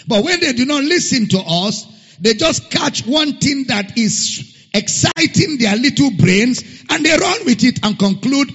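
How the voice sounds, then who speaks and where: A pastor preaching a sermon, emphatic and repetitive, sometimes singing words. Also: male voice, very high voice, lively intonation, measured pace, a bit bright, slightly rough. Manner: emphatic, repeats key phrases, sings some words. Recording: dull lo-fi recording in a reverberant hall.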